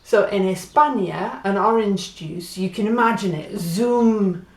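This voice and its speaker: A woman's voice: mid-range voice, normal speed, echoey room. A woman from Great Britain giving a patient spoken language lesson, spelling out and repeating words. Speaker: Spanish teacher.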